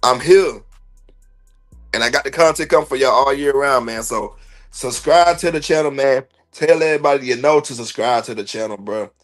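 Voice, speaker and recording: A man's voice: mid-range voice, moderate pace, soft background music. A man hosting a sports podcast livestream, ranting bluntly and profanely in heavy slang. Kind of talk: heated livestream sports rant.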